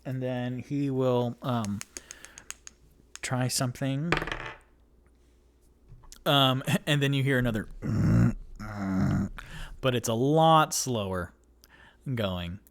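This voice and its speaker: A man's voice: medium pitch, takes it slowly, pauses often, slight background noise. A man narrating a solo tabletop game as dungeon master, rambling with many fillers. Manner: rambling, filler-heavy, animated.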